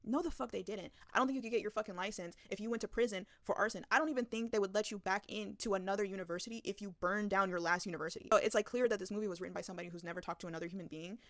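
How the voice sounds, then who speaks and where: A young woman giving a casual, profane movie recap, talking rapidly and scattering "like" everywhere. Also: medium pitch, no room sound, clean studio sound.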